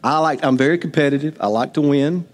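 A man's voice: fairly high pitch, fast talker. A middle-aged man, preaching a sermon and telling family stories to his congregation in a folksy way. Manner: folksy storytelling, talks to the congregation. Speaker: pastor. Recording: long hall reverb.

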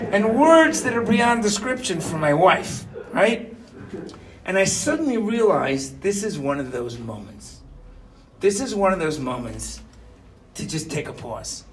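A man in his fifties tells listeners a personal story in a chatty way, often checking in with "right?". His high-pitched voice has big pitch swings and a slightly slow pace. He's far from the mic, with crowd noise around him.

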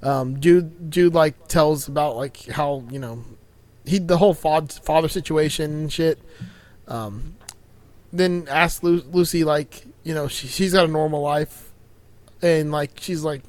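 A man's voice: a little high, unhurried, a little mellow. A man casually recapping a movie with friends, laid-back and laughing, swearing freely and acting out lines. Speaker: podcast host.

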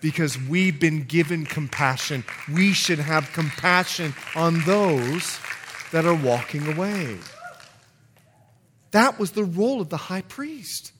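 Animated high-voiced man preaching. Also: slow pace, crowd noise, noisy background. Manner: animated, acts out dialogue with sudden drops to a low growl. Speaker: pastor. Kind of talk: sermon.

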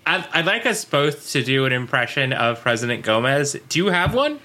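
Man, podcast co-host, animated jokey recap, bright tone, lively pitch. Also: normal speed. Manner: animated, jokey, acts out lines. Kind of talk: casual chat recapping a cartoon episode.

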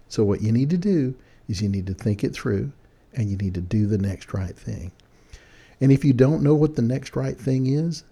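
Older man with a gravelly dark voice. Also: medium pitch. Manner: folksy, animated storytelling. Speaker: speaker giving advice to young people. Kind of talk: casual talk.

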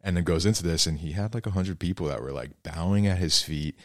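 A man's voice: deep voice, fast talker, dry recording, clean studio sound. A man who is a podcast guest, explaining things earnestly in casual conversation with many fillers. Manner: earnest storytelling, heavy use of fillers.

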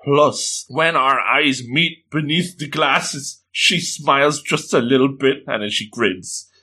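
A man's voice: medium pitch, slow, bright, forceful tone. Man putting on a timid bookish young man, nervous and easily embarrassed. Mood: dreamy.

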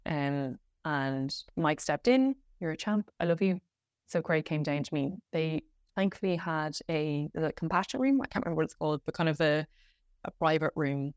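A woman's voice: deep voice, darkish tone, clean tone, dry recording, clean studio sound. An Irish woman hosting a podcast, telling a personal story in a candid, rambling way with many fillers and restarts. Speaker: podcast host.

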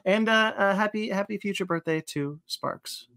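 A man's voice: high-pitched, normal speed, bright, forceful tone, a little hiss or hum. A man hosting a podcast, wrapping up the show in a loose, rambling way with many restarts. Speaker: podcast host. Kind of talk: casual podcast chat and sign-off.

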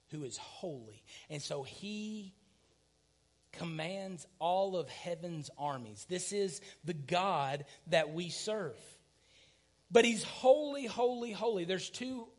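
A high-pitched man preaches a sermon. He swings between loud, emphatic declarations and soft, near-whispered asides, with the easy address of a pastor in his thirties.

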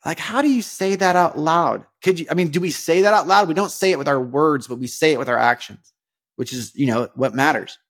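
A young man hosting a casual devotional podcast, talking in a rambling, earnest way with lots of fillers, restarts and sudden animated emphasis. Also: fairly high pitch, a little fast. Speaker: podcast host.

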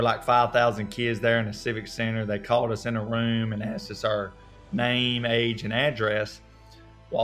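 A man in his thirties from North Alabama with a strong Southern accent, a guest telling relaxed, folksy stories in an interview. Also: medium pitch. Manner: relaxed, folksy storytelling with many fillers. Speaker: actor guest. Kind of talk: casual interview.

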